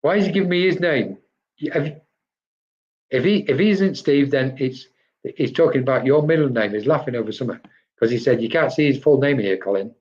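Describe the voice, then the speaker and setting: Male medium for a live stream reading, chatty, mid pitch, dull lo-fi sound. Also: fairly quick, a little mellow. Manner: chatty, addresses viewers by name, quotes spirits.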